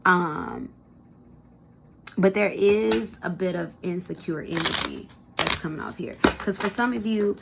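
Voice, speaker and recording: A woman's voice: fairly low pitch, unhurried, creaky, background noise. A woman giving a casual pick-a-card tarot reading, chatty and colloquial, talking straight to her viewers. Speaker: tarot reader.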